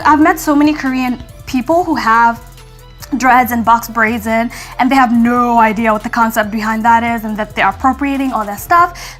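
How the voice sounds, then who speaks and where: A young American woman telling a story in a casual vlog, chatty and acting out what people said. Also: high voice. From United States. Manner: chatty, acts out quotes in lively voices, frequent fillers. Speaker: vlogger.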